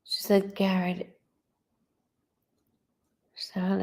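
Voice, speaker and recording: A woman's voice: on the low side, lively intonation, takes it slowly, gravelly, dark tone. A woman giving a live psychic reading, talking in an emotional, conversational way and relaying messages as quotes. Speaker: psychic medium.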